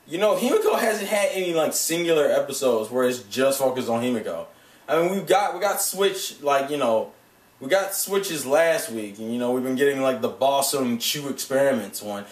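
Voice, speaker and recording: A man giving a casual vlog review of an anime episode, rambling and swearing, often laughing at his own points. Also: medium pitch. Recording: echoey room, mic at a distance.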